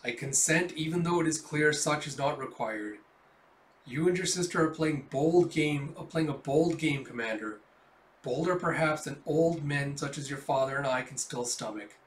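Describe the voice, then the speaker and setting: Man voicing stern older commander, formal, measured, echoey room. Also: on the high side, recorded from a distance, slight background noise, lightly acted. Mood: grave. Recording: roomy echo.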